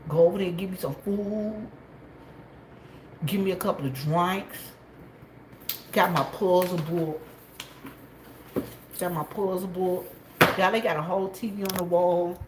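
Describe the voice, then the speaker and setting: A woman chatting casually to her viewers from a gas station store, gossipy and quick to laugh. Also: on the low side. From South Carolina, USA. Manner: chatty and gossipy, laughs often, calls out loudly to coworkers. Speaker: vlogger. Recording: echoey room, faint background noise.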